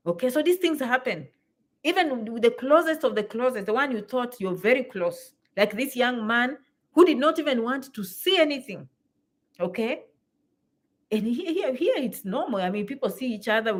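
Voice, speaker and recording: A woman, telling stories to her viewers in a lively, exclamatory way and repeating phrases for emphasis. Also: on the high side. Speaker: vlogger. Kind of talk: animated storytelling to camera.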